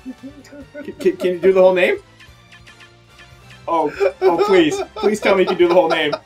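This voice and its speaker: A man commentating a fighting game with friends, playful and theatrical, swinging between loud and quiet. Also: high-pitched, huge pitch swings, moderate pace, vocal fry, over music. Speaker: let's play commentator. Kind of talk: casual gaming banter.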